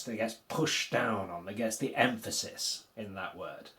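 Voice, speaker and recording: A man's voice: mid-range voice, moderate pace, hardly any pauses, roomy sound. A man explaining vocabulary in a recorded language lesson, patient and chatty, with frequent fillers. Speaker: language teacher.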